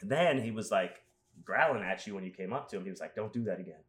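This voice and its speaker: A man with a somewhat low voice hosts a casual podcast. He rambles through anecdotes, tossing in crude jokes and animated asides. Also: fast, crowd noise. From Las Vegas. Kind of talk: casual chat.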